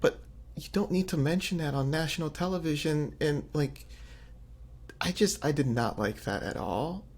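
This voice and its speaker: A man co-hosting a podcast, chatting in an animated, loose way with lots of fillers. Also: fairly high pitch, moderate pace, husky. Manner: animated, many fillers, acts out quotes. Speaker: podcast co-host. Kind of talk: casual chat.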